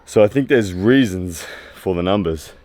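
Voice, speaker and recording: A man in his thirties talking candidly to camera after a training session, pausing often with fillers. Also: low voice, expressive, darkish tone. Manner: candid and reflective, with many pauses and fillers. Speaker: strength training vlogger. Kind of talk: casual post-workout vlog talk. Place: training area after a workout.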